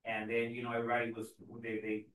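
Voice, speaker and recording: A man's voice: on the low side, completely flat delivery, fast, a bit bright, slight background noise. A man in a church group sharing a story in casual, hesitant talk. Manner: hesitant, conversational. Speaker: group member. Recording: echoey room, far from mic.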